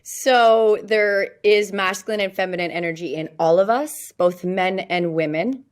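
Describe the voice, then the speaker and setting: A woman's voice: mid-range voice, a little slow. A woman being interviewed as a real estate agent, self-assured and upbeat, often laughing at her own lines. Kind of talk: casual interview talk.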